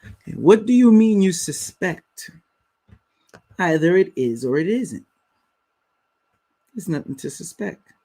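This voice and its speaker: A man's voice: high-pitched, big pitch swings, slow, pauses often, dark tone. A man hosting a live stream, talking bluntly and casually to his viewers in slang. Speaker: livestream host.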